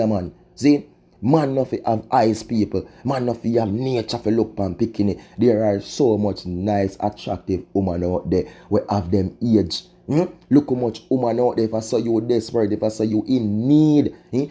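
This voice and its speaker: A man's voice: mid-range voice, warm tone, husky. A man with a Jamaican accent giving impassioned commentary in patois, emphatic and preachy, often breaking off with rhetorical asides. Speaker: vlogger.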